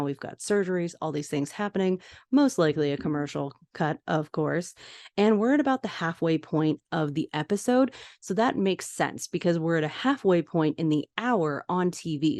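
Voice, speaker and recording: A woman's voice: fairly low pitch, a little mellow, dry recording, studio quality. A woman hosting a podcast, casually retelling a TV episode scene by scene and quoting the characters. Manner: narrates scenes, quotes characters, laughs often. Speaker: podcast host recapping a TV episode.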